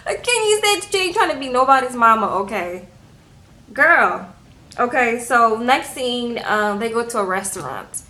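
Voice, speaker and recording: A woman's voice: high-pitched, unhurried, slight background noise. A woman, recapping a reality show in casual talk and acting out the people's lines with sass, tagging "okay?" onto her sentences. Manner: animated, sassy, frequent "okay?" tags.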